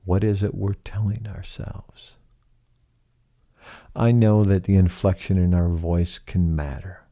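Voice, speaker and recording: A man hosting a reflective solo podcast, speaking slowly and softly and asking many rhetorical questions. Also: sits low, steady tone. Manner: slow, soft-spoken, asks many rhetorical questions. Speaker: podcast host.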